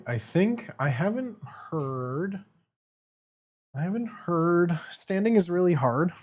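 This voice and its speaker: A live streamer in casual, playful chat with viewers, laughing often and eating candy while standing. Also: mid-range voice.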